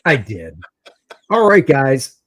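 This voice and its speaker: A man hosting a casual livestream, joking and pitching his comic bundle in an upbeat way. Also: huge pitch swings, takes it slowly, a bit bright. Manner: joking, upbeat, lists items and plugs channels. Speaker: comic artist and show host.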